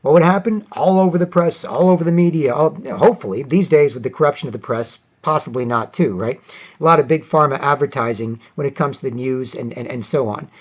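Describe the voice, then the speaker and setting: A man's voice: medium pitch, fairly quick. A man vlogging opinionated commentary, reading out articles with sarcastic asides, rambling, and restarting often. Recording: dull lo-fi audio.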